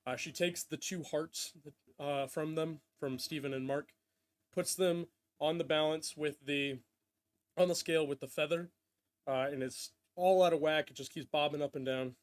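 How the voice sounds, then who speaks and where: A man's voice: fairly high pitch, steady tone, moderate pace. A man hosting a casual podcast, recapping a show with loose asides and frequent laughs. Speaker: podcast host. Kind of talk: casual chat.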